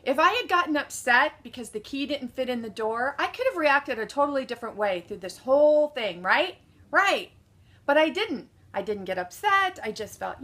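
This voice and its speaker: Here a spirited woman gives a motivational talk built around her own experience, using a bright, strong voice that sits a bit high at an ordinary speed. She plays out what others said and asks her listeners questions, only to answer them herself.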